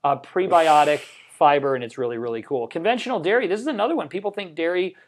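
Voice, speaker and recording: Fairly high-pitched and quick, this man's voice comes with a little hiss or hum in the recording. He's co-hosting a live health show, enthusiastic and joking, weaving personal anecdotes into casual health talk.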